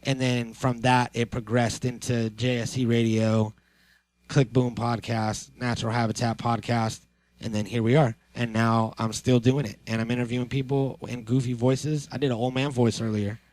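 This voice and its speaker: A man's voice: mid-range voice, little pitch movement, moderate pace, a little mellow, no room sound. A man in his thirties hosting a podcast, joking casually and swearing freely. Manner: joking, profane, laid-back. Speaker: podcast host. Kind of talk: casual chat.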